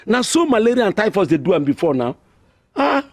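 An excitable Nigerian village father. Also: high-pitched, fairly quick, full character voice. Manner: theatrical, swooping exclamations. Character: excitable scheming village father, middle-aged. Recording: film dialogue.

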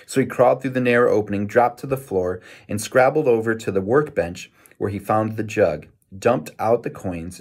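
Guy reading a kids' novel out loud, lively, fixes his own slips. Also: fairly low pitch. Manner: lively storytelling with small self-corrections. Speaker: reader. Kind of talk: reading a children's novel aloud.

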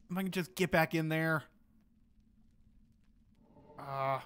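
A man's voice: on the high side, lively intonation, slow, pauses often, a bit bright. A young man giving gameplay commentary, exasperated and talking to himself as he plays. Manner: exasperated, talks to himself while playing. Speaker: gaming channel host.

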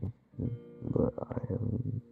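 A man chatting casually from bed over earbuds, drowsy and teasing, with a deep, gravelly voice that always sounds sleepy. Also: very slow, faint music behind. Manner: drowsy, soft-spoken, teasing. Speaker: streamer's partner on voice chat. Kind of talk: casual chat. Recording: dull lo-fi voice chat.

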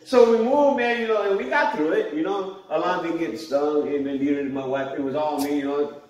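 A man's voice: on the high side, brisk, darkish tone, muffled recording, slight background noise. A middle-aged man preaching a sermon as pastor, telling stories conversationally and laughing along. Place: church hall. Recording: echoey church hall, mic at a distance.

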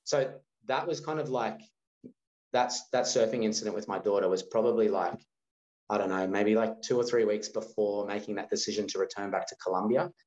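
Speaking fairly quickly in a lowish voice, the thirty-something Australian guest shares a personal story during a casual interview, acting out each quoted line. The sound is roomy with a slightly dull tone.

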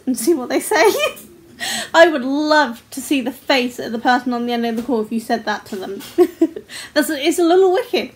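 A crochet vlogger in her forties chats casually to camera at home in a high-sitting voice at normal speed. She laughs a lot and swears freely while talking about her crochet.

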